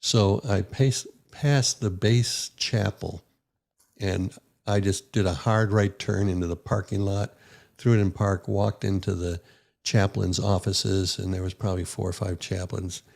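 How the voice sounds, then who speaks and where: A man's voice: low voice, fairly even intonation, measured pace, creaky, a little mellow. An older man, a retired naval officer, telling a personal story in a casual, folksy way and acting out the quotes. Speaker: podcast guest, retired rear admiral.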